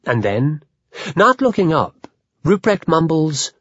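A man narrating a literary audiobook in a measured, even manner. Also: on the high side, slightly rough, dry recording. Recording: dull lo-fi dry audio.

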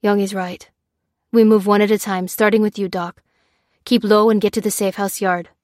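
A woman's voice: mid-range voice, little pitch movement, moderate pace, darkish tone, no room sound, studio quality, close to an everyday voice. A woman voicing a determined soldier major. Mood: urgent. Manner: clipped, urgent commands.

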